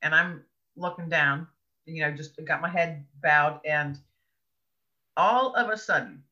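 A woman's voice: deep voice, measured pace, pushed and bright. A woman guest on an interview show, telling a personal story earnestly and with laughs between thoughts. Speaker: podcast guest, author. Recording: dull lo-fi audio.

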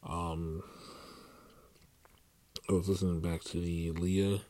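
A man's voice: deep voice, flat delivery, slow, warm tone, dry recording. A young man rambling through a casual solo podcast, with many fillers and restarts. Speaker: podcast host.

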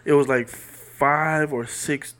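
Relaxed man telling a story on a podcast. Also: on the high side, takes it slowly. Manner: relaxed storyteller with small restarts. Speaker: podcast co-host. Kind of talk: casual podcast chat, storytelling.

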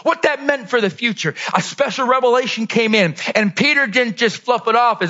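Pastor guy preaching loud and high, bright sharp voice, kinda muffled recording. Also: moderate pace, few pauses. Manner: animated, swings from low asides to shouted peaks. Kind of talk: sermon.

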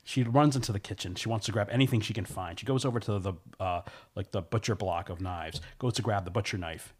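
A man telling a scary story in a casual chat, animated and full of "like" and "um". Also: fairly low pitch, fast talker, husky. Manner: animated, lots of "like" and "um".

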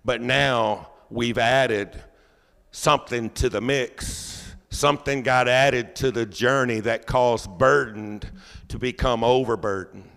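A man pastor preaching a sermon as a folksy, animated storyteller. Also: medium pitch, slow, vocal fry, long reverb tail. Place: church sanctuary.

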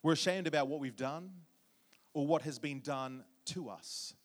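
A man preaching a sermon, warm storytelling with jokes and questions to the congregation. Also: fairly high pitch, normal speed. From Australia. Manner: humorous, audience-engaging storytelling. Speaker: guest preacher.

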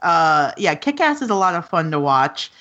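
A woman's voice: sits low, very animated, moderate pace, pushed and bright, highs cut off. A woman co-hosting a casual podcast chat, talking with many ums and easy laughter. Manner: chatty, hesitant with frequent ums, laughs easily. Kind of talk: casual chat about films and books.

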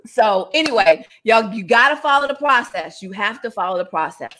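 A woman telling a funny family story in a casual, animated way, often laughing and acting out what people said. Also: a little high, brisk, few pauses. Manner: animated, laughing, acts out dialogue.

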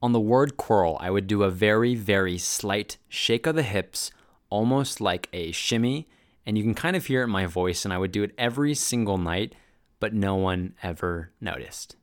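A man narrates over a recording of his own stage role, looking back on each choice with candid, self-deprecating humor. His voice is lowish and smooth. He speaks as a relaxed voice-over commentator. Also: normal speed. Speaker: actor recalling his stage performance.

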